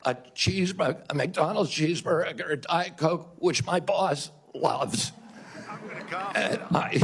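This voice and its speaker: A man with a raspy, husky voice answers questions at a hearing. He speaks defensively and haltingly, and his fairly high voice comes from an archival clip. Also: expressive. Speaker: nominee testifying at a hearing. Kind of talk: hearing testimony.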